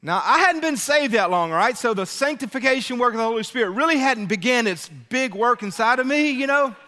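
A man preaching to his congregation, energetic and full of calls for a response. His voice sits high and sounds bright. A long reverb from the church hall follows every line. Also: brisk. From Louisiana, US. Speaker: lead pastor. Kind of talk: sermon with storytelling.

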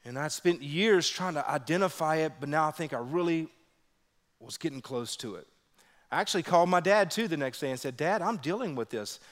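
Brisk and animated, a man delivers a sermon as pastor, sharing personal stories and performing quotes with large leaps in pitch. A long reverb tail trails his voice.

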